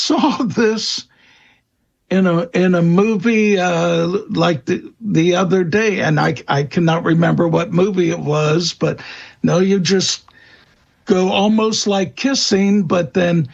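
A man speaking as a guest expert in an interview, answering in a halting way with many fillers and restarts. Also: high voice, vocal fry, highs cut off. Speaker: guest expert on vampire lore.

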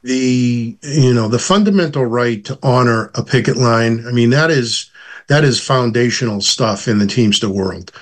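A man as a union director guest, answering in a halting way with many fillers. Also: mid-range voice. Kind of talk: interview answers.

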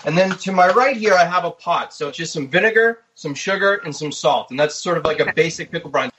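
A man, a guest chef, giving a relaxed step-by-step cooking demonstration. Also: a little high, fairly quick, muffled recording. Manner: easygoing, step-by-step explaining.

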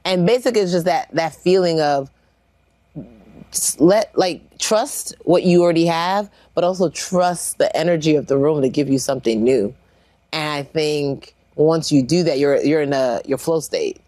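A woman from Nigeria, a comedian chatting in an interview, animated and quick to laugh. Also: low voice, no room sound. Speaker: comedian guest. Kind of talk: casual interview chat.

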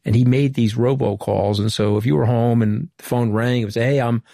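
A man's voice: medium pitch, fairly even intonation, brisk, vocal fry, warm tone, no room sound, clean studio sound. A middle-aged man from Long Island, New York, giving an earnest, anecdotal account in an interview as a former communications director. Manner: earnest, anecdotal, retells conversations at length. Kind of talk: candid interview storytelling.

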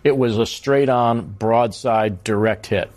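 A man's voice: medium pitch, unhurried, a little mellow. Emphatic man panelist. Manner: emphatic, stammering restarts. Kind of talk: panel discussion.

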